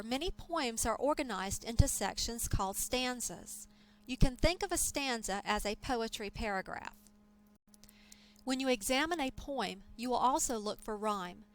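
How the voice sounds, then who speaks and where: A woman teaching a lecture, explaining terms in a clear, measured way. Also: fairly high pitch, fairly bright tone, rough recording. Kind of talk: scripted lecture.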